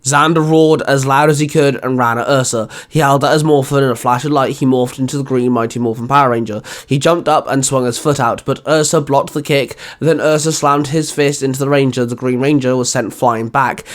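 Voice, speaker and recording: A man's voice: medium pitch, fairly even intonation, brisk, hardly any pauses. A man narrating his own fan fiction as a storybook reading, with small stumbles. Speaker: fanfiction reader and narrator.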